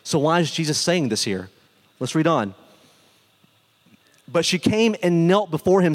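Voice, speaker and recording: A man preaching a sermon in a conversational, animated way, acting out the people he quotes. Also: a little high, normal speed, long pauses. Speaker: pastor. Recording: long hall reverb.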